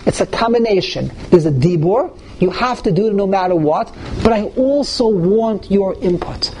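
A man teaching a text-study class, animated, mixing Hebrew and Yiddish terms into his English and jumping up in pitch to stress points. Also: moderate pace, a little hiss or hum, rough recording. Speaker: Torah teacher.

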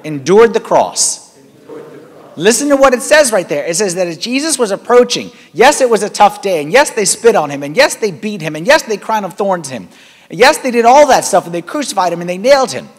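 High-voiced priest preaching in reverberant church. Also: male voice, fast talker. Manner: conversational, animated preaching with rising emphasis. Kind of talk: sermon. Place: large church hall.

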